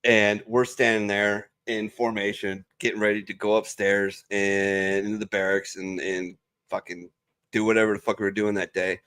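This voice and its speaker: A young adult man, a veteran panelist on a video call, telling stories in a casual, profane and animated way. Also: lowish voice, moderate pace, clear, resonant tone. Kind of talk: casual storytelling chat.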